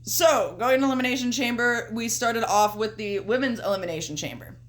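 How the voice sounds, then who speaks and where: On a casual podcast, a young female co-host with a high-ish voice talks fairly quickly. Her style is loose and offhand, and she curses often while discussing her picks at length.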